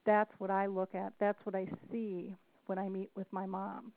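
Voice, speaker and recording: A woman's voice: mid-range voice, flat delivery, moderate pace, vocal fry. A middle-aged woman, a family caregiver and speaker, tells personal stories earnestly in a podcast interview. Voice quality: earnest, storytelling delivery with restarts. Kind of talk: emotional podcast interview over the phone. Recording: tinny phone line, dry.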